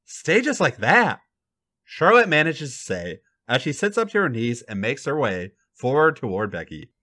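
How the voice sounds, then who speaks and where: A man hosting a podcast, reading a fan fiction story aloud with an animated, dramatic delivery. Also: mid-range voice, moderate pace.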